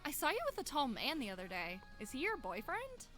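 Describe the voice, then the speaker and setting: A woman's voice: high voice, huge pitch swings, a little fast, a bit bright, soft background music, exaggerated voice. A woman voicing a nosy, teasing young woman in a comedic abridged dub. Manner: teasing, prying. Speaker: voice actor in a fan abridged series.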